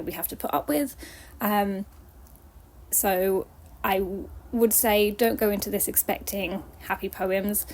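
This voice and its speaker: A woman's voice: mid-range voice, darkish tone. A young woman chatting through book reviews to camera, earnest and enthusiastic, with frequent ums.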